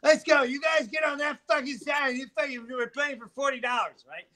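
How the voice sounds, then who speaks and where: A man doing an impression of a brash male comedian friend who swears constantly and shouts orders. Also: animated, slow, full character voice. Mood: bossy, rowdy. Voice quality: shouting, cursing, higher-pitched. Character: brash swearing male comic buddy, loud and bossy.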